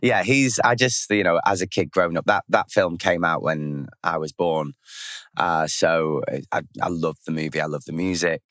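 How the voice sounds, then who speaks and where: Deep-voiced young man telling stories. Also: moderate pace, no room sound, studio quality. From England (Blackpool). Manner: lively storyteller, laughs often. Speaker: guest actor. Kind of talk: casual interview chat.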